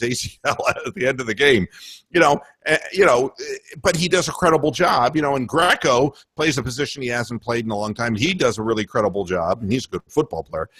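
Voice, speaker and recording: Talk radio host, lively up-and-down delivery, a bit high for a man, rambling rant. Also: breathy edge. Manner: animated, rambling, swearing, breaks into mock voices. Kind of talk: casual sports talk.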